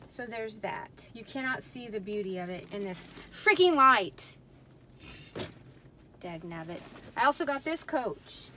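Her voice is a little high and a bit bright, with slight background noise. A purse reseller chatting through a haul vlog indoors on a dim night, she grows frustrated, talks to herself, and calls viewers "you guys" and "y'all."

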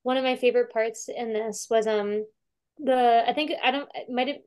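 A woman's voice: a little high, fairly even intonation, moderate pace, a little mellow. A woman curator chatting casually about a film over a video call, talking with many fillers and restarts and acting out quotes.

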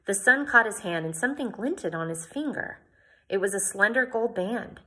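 A woman's voice: medium pitch, animated, moderate pace, sharp tone. Woman reading a novel aloud at home. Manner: plain narration, chatty comments between passages.

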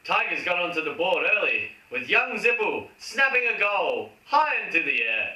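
An Australian man hosts a comic football recap, reading the match summary in a mock-formal commentator voice. His voice is high and sing-song at normal speed, and the recording is very noisy, roomy and distant-miked.

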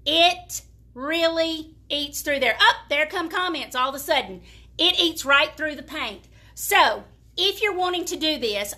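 A woman's voice: high voice, bright, forceful tone. A woman with a Southern US accent giving a chatty, folksy live demonstration of furniture painting, talking straight to her viewers. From American South.

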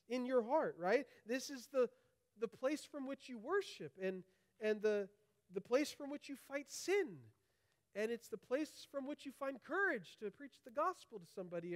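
A male pastor preaching an emphatic sermon, often checking in with his listeners through quick tag questions. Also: extremely high pitch.

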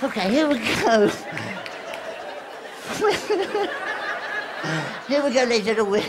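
A man's voice: very high-pitched, big pitch swings, very slow, pauses often, crowd noise. A man doing live stand-up prop comedy, giggling often and teasing the audience from a theatre stage. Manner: giggly, breaks into laughter, teases the audience. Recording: live show with loud audience laughter and noise.

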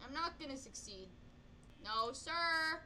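A woman gamer reacts live to a horror game, panicking and mocking herself, yelping, saying "no" again and again and addressing the game's characters. Her voice sits high, expressive, bright and forceful, slow in pace, with a little hiss or hum.

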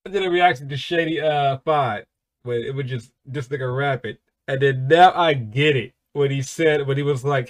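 Guy doing a music reaction vid, cusses a lot, gets loud and squeaky when he cracks up, normal mid voice. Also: normal speed. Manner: swears a lot, bursts into loud high laughing excitement. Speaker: reaction channel host.

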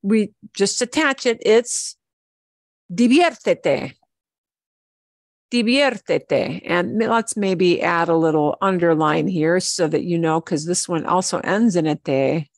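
A woman teaching a Spanish lesson, patiently repeating words slowly for her students. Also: fairly low pitch, expressive, dry recording, studio quality. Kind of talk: online language lesson.

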